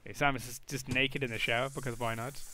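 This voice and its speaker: A young man commentating a life-sim game, teasing his characters and bursting into yells and swearing. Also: medium pitch, fast, a little hiss or hum. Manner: excitable, bursts into shouts, swears, teases the characters. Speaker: gaming YouTuber. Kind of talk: let's play commentary.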